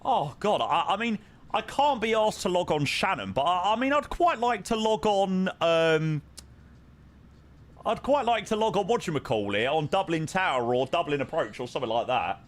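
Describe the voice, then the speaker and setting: His voice is high and sing-song, moving at a moderate pace, as this young man plays a flight sim on stream. He's chatty, jokes with viewers, and sings along with the music.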